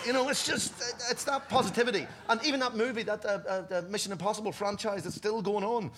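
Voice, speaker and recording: A middle-aged Irish man, a comedian, telling jokes in an animated, laughing way on a panel. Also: high-pitched, fast, few pauses. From Ireland. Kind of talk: stand-up panel banter. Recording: live venue with crowd noise.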